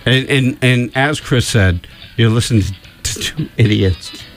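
A man's voice: medium pitch, measured pace, faint music behind. A man co-hosting a casual radio show, hesitant and stammering. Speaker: radio co-host.

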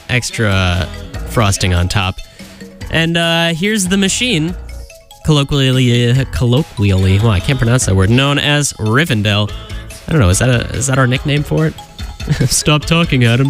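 A man's voice: medium pitch, fairly bright tone. A man DJing on college radio, chatting casually in a loose, self-mocking way full of fillers and restarts. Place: radio studio.

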